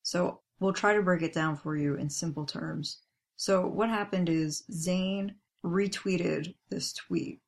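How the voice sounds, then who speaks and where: Woman co-host, husky and gravelly, casual podcast chat, reads quotes aloud then reacts. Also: on the low side. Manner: reads tweets aloud, then comments with a laugh.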